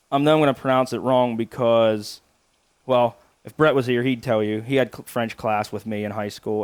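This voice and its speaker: A man's voice: medium pitch, no room sound, clean studio sound. A man hosting a podcast alone, talking in a crude, sarcastic, rambling way. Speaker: podcast host. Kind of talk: casual solo podcast talk.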